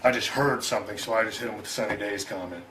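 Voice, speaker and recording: A man's voice: on the low side, rapid-fire, pushed and bright, slight background noise, low-quality recording. A middle-aged man telling a story in an interview, loose and profane, chuckling and acting out both sides of an argument. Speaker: interview guest.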